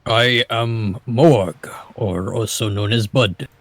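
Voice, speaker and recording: A man's voice: fairly low pitch, slow pace, no echo. A man playing a proud, blunt male ogre captain in a tabletop game, answering in plain, simple words.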